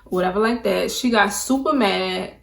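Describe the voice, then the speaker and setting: A woman's voice: mid-range voice, normal speed, gravelly, fairly bright tone. A young adult woman vlogger telling a casual story to camera, emphatic and saying "like" a lot. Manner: emphatic, peppers talk with "like". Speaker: beauty vlogger. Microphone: camera mic, talking to camera.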